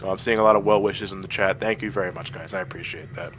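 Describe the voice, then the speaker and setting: A man's voice: low voice, steady tone, quick pace, a bit bright, a little hiss or hum, rough recording. A man with a stuffy cold, casually commenting on a game livestream, chatty and reading the chat aloud. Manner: chatty, laughs often, reads chat aloud. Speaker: livestream host.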